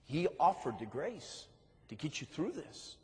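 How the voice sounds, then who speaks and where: A man's voice: fairly high pitch, big pitch swings, unhurried, slightly rough. A man preaching a sermon in a university chapel, impassioned and speaking straight to the congregation. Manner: impassioned, addresses the congregation directly. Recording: long chapel reverb.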